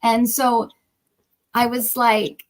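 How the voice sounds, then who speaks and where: A middle-aged woman, a psychic reader who hosts her own show, talks casually with a co-host. Her voice sits a little high, and she tells stories with animation, racing through some phrases and lingering on others. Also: poor audio. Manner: animated storytelling, hurried bursts then drawn-out words. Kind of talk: casual chat.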